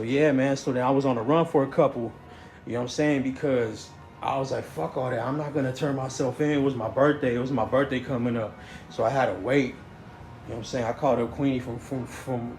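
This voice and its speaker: A man's voice: mid-range voice, darkish tone. A man, telling a story in a rambling way, stammering and restarting, saying "you know what I'm saying" over and over. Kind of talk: casual storytelling. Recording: echoey room, faint noise.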